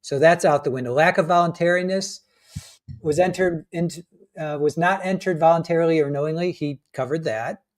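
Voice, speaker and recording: A man's voice: on the high side, brisk. A man co-hosting a live trial commentary stream, talking casually with many restarts and hesitations while reading out legal points.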